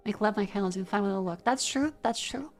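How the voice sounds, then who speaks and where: A woman's voice: mid-range voice, soft background music. Chatty Australian woman streamer. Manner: chatty, quick restarts, reading chat aloud. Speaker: vtuber streamer. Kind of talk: casual stream chat reading comments.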